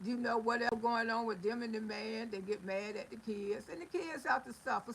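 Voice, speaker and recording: A woman's voice: a little high, brisk, few pauses, breathy edge, poor audio. A middle-aged woman hosting a livestream, chatting with viewers in a folksy, scolding way and telling stories. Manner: folksy, scolding, storytelling with laughs and exclamations. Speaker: livestream host. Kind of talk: casual livestream talk to viewers.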